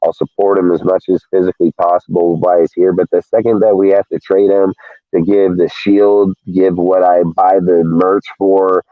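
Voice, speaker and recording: A man's voice: low voice, little pitch movement, normal speed, no room sound. A man ranting in a casual sports talk show, heated and profane, calling everyone "dude". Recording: tinny phone-like line, dry.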